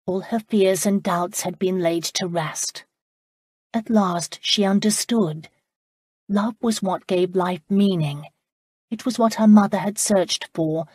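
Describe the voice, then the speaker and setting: A woman narrates an audiobook in a measured, expressive reading. Her voice sits low with a husky grain. The recording is close and dry, with no room sound. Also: dry recording. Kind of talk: scripted narration.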